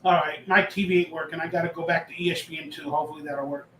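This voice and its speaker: A bright, high-voiced man hosting a loose live stream, chatting and reading viewer comments aloud. His voice rings out in an echoey room, relaxed and rambling. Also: fast talker, a little hiss or hum. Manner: chatty, reads chat aloud, jokes and rambles. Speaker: livestream host. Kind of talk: casual live-stream chat.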